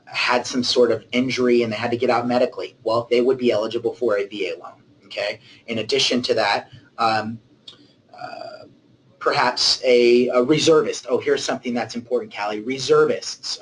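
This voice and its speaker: A man's voice: mid-range voice, slight background noise, poor audio. A man presenting in a webinar as a mortgage originator, explaining rules step by step and often checking in with "okay?".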